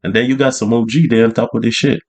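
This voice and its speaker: A man's voice: mid-range voice, fairly even intonation, quick pace. A man talking to camera in a laid-back, slangy monologue, full of fillers like "you know what I mean". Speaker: vlogger. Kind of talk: casual monologue.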